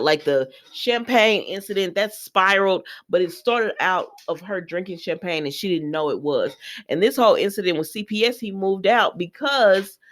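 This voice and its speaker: A woman with a medium-pitched voice recaps a soap opera in a casual, animated way, talking directly to her viewers with slangy asides.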